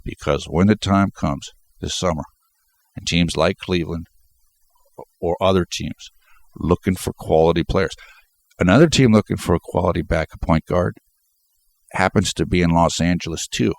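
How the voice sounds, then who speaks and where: A man with a low voice and vocal fry hosts a basketball fan channel in a sports commentary vlog. He's congested and stuffed up, speaking emphatically at normal speed, pausing often and repeating words as he builds his points.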